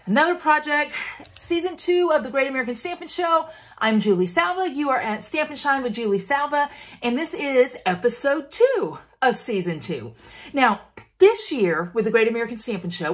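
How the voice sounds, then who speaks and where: Woman, crafting tutorial host, bubbly, self-deprecating, high-ish, swooping pitch. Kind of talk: casual craft demonstration.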